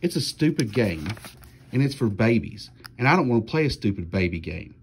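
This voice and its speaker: A man's voice: lowish voice, sing-song, a little fast, gravelly, slight background noise. A man voicing an angry young boy. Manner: shouting, bitter retorts. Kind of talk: storybook reading aloud.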